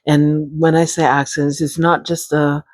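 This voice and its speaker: A woman talking casually about her own life, chatty and expressive, laughing often and speaking straight to her listeners. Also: low-pitched, normal speed, no echo. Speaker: vlogger sharing her brain injury recovery. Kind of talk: casual personal storytelling to camera.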